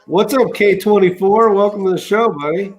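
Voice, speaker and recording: A man's voice: high-pitched, moderate pace, rough recording. A man with a slightly raised voice hosts a casual live stream. He greets callers by name and reads chat comments aloud in an easygoing way.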